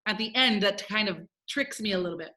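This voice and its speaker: A woman's voice: mid-range voice, brisk, sharp tone. A woman teaching a first grade phonics lesson, upbeat and encouraging as she talks to young children. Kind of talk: recorded remote phonics lesson.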